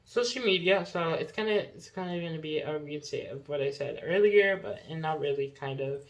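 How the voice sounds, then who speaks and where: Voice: mid-range voice, a little fast, rough recording. A young podcast host talking casually through notes, rambling with many fillers and self-corrections.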